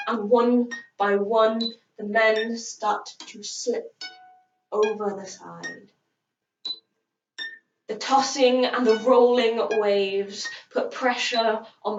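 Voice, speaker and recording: A woman telling a story in a dramatic way, with long pauses. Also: on the high side. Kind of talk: storytelling narration over guitar music. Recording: roomy, distant and dull, with loud guitar music.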